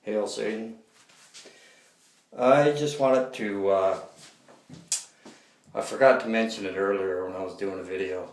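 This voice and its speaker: Low-voiced man rambling in an echoey room. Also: a little slow, pauses often, a little hiss or hum. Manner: repetitive, profane storytelling, keeps saying "I said". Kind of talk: rambling monologue vlog. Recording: roomy echo.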